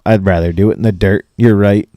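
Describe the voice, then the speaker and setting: A man's voice: lowish voice, fairly even intonation, brisk, mellow, no room sound, studio quality. A man in his late thirties from Maine, co-hosting a podcast, telling a profane story and acting out both sides of it. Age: late 30s. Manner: ranting, swears constantly, acts out both sides of a story. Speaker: podcast co-host.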